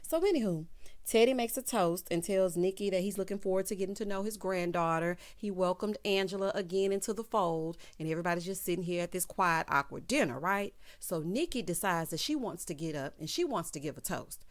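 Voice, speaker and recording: A woman's voice: lowish voice, fairly quick. A woman recapping a TV episode in a sassy, chatty way, talking straight to her viewers. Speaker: TV recap vlogger. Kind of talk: casual episode recap commentary.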